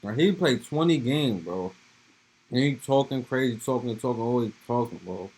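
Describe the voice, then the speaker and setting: With a medium-pitched, husky voice that is a little mellow, this Brooklyn, New York man hosts reaction videos. He talks expressively at a moderate pace, rambling in slang and repeatedly dropping "bro" and "you feel me."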